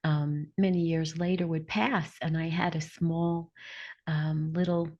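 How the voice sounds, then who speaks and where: A woman's voice: low voice, steady tone, a little slow, a little mellow. A woman hosting a podcast interview, offering short supportive replies and sharing her own story. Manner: supportive, brief affirmations. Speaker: podcast host. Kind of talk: conversational interview. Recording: dull lo-fi audio.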